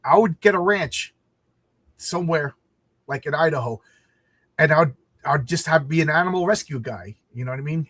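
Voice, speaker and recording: Animated storytelling man, fairly high voice. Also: normal speed, pauses often, slightly rough, dry recording. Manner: animated storyteller, acts out quotes. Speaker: podcast host. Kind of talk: casual chat.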